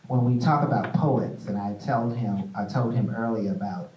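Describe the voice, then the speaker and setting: A man hosting a stage interview, playful and animated as he tells stories. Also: lowish voice, moderate pace, recorded from a distance, a little hiss or hum. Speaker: host. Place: theater stage. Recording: echoey room, mic from afar.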